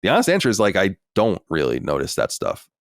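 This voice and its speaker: Speaking quickly with vocal fry and a low voice whose pitch swoops wildly, an American co-host reads listener mail on his podcast and then muses casually, leaning on many fillers. The recording is dry with clean studio sound.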